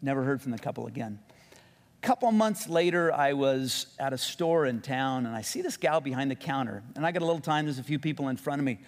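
A gravelly-voiced man preaching in a hall. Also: medium pitch, brisk. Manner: conversational, animated in quotes, frequent restarts. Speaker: pastor. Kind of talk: sermon with storytelling. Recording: long reverb of a hall.

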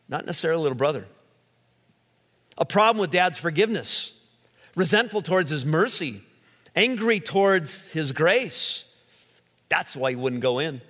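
Male preacher, lively delivery with voiced quotes, slightly high pitch, echoing hall sound. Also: normal speed, long pauses. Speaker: pastor. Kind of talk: sermon. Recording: long hall reverb.

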